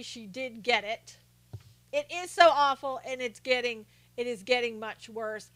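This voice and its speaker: A woman with a high, bright voice hosts a casual live stream, chatting and telling stories with a ready laugh. She greets viewers one by one and answers their comments as they come in. The sound is close and dry, with no room echo. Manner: animated storyteller with frequent laughs.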